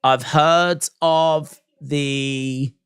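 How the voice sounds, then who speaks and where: A man's voice: fairly high pitch, fairly even intonation, extremely slow, smooth, no echo, studio quality. A British man hosting a casual live stream, musing aloud, reading out viewer comments and poking fun at himself. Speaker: livestream watch-along host.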